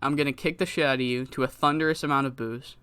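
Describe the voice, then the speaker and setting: A man's voice: mid-range voice, fairly even intonation, fast talker, fairly bright tone, clean tone, no room sound, close to an everyday voice. A man voicing a brash male heel wrestler who insults his rival with a cocky, sneering delivery.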